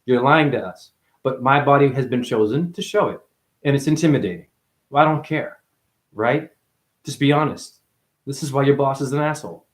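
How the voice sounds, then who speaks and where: A man delivering a rambling spiritual monologue, profane and full of wordplay, who calls the listener honey and swings from mutters to excited outbursts. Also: mid-range voice, moderate pace, pauses often. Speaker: spiritual speaker. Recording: roomy echo.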